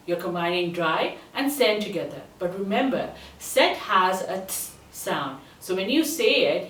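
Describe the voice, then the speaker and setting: Slow-talking lady tutor doing repeat-after-me drills, echoey room. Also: medium pitch, lively intonation, a bit bright, distant mic. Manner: slow, deliberate pronunciation drills. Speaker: German tutor.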